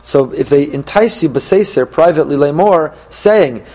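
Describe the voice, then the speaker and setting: A man's voice: on the high side, animated, normal speed, hardly any pauses, a little mellow, breathy edge. Man teaching a Torah class. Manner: translates phrase by phrase with fillers and restarts, thinking aloud. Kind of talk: Torah class, verse-by-verse explanation.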